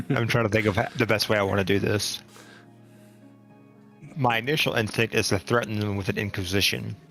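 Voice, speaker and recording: A man playing a tabletop game, chatting casually, joking and thinking out loud. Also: fairly low pitch, fairly even intonation, moderate pace, pauses often, faint music behind. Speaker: player.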